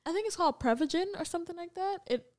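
A woman's voice: very high voice, racing, heavy background noise. A young woman from Jamaica with a Jamaican accent, co-hosting a podcast in casual chat and acting out the people in her stories. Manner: animated storytelling, acts out quoted people. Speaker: podcast co-host.

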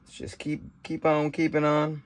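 A slightly high, monotone man speaks at normal speed in this casual outdoor how-to vlog. The homesteader shows his berry harvesting and preparation, rambling in a folksy manner and thinking out loud with lots of fillers and asides. He goes from the trees outside into a kitchen.

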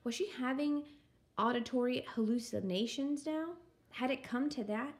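A woman reading a children's chapter book aloud in a calm, measured storytelling manner. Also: high-pitched. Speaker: story reader.

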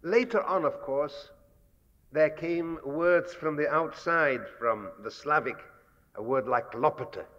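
A man giving a measured, scholarly public lecture, pausing often with fillers. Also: a little high, a bit bright. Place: lecture hall. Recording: dull archival 1960s lecture recording with long hall reverb.

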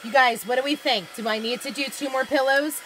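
A woman's voice: high-pitched, fairly quick, pushed and bright, slight background noise. A woman hosting a live craft demonstration from home, chatting with viewers and reading their comments aloud. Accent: American. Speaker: craft livestream host.

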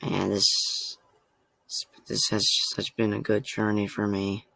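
A man's voice: fairly low pitch, completely flat delivery, slow, vocal fry, sharp tone, no room sound. A man hosting a reaction vlog, talking casually to the camera in a rambling, emotional way and laughing at himself often. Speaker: reaction channel host. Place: home room.

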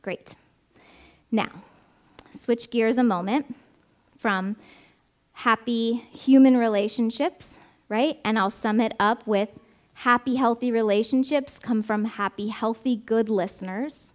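A woman's voice: a little high, slow, pauses often. A woman giving a conversational sermon, stressing points through repetition and often checking in with "right?", then leading a prayer. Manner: emphatic repetition; leads a closing prayer. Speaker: preacher. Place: church service.

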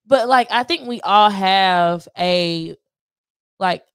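A woman in her late twenties in casual podcast chat, animated and talkative, often asking "you know what I mean.". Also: mid-range voice, slow, smooth, no echo, clean studio sound. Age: 20s. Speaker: podcast guest.

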